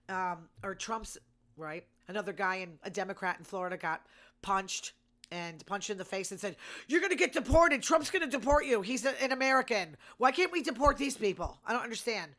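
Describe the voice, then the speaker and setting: A woman's voice: medium pitch, a bit bright. Indignant woman ranting. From Massachusetts. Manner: indignant, sarcastic rants with rhetorical questions. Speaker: host. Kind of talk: casual news commentary.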